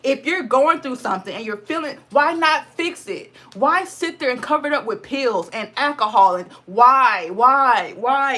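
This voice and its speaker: A woman vlogger delivers an impassioned, casual monologue on spirituality in a Black dialect, blunt, swearing a lot and staying close to tears while mocking others in a high, sarcastic voice. Her intonation is lively and her tone sharp, at a moderate pace with hardly any pauses and slight background noise.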